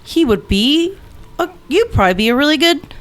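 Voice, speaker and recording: A woman's voice: high-pitched, big pitch swings, moderate pace. A woman playing a tabletop role-playing game, coaxing another character in a teasing way. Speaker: player.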